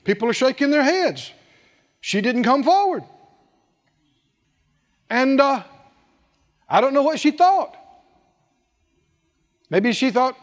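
A man's voice: very high voice, big pitch swings, slow, long pauses. A man preaching a sermon, emphatic and full of rhetorical questions, repeating scripture phrases for weight. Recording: long hall reverb.

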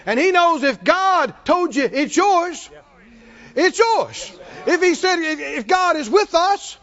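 High-voiced emphatic preacher man. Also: animated, slow, a bit bright. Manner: emphatic call-and-response preaching. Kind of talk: sermon. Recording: long hall reverb, dull lo-fi sound.

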